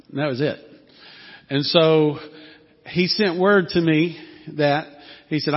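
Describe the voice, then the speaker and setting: A man's voice: a little high, slightly rough. A man in his sixties with a Southern accent, a former missionary telling a folksy, rambling story to a church congregation. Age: 60s. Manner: folksy, rambling with many fillers. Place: church sanctuary. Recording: dull, echoey hall sound.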